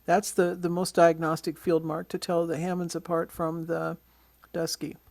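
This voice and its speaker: A birding instructor giving a casual slide-show lesson on bird identification, pointing out features in photos and often pausing with ums and uhs. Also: medium pitch, completely flat delivery, gravelly, a little mellow, dry recording. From Western Washington.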